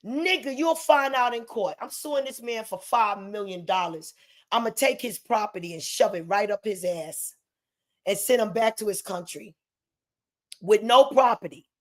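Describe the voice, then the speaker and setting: A woman from the United States, ranting heatedly to the camera at home and swearing freely, her voice rising into shouts. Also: medium pitch, moderate pace. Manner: heated, profane, breaks into shouting. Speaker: vlogger. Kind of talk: angry direct-to-camera rant. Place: home in the Bronx.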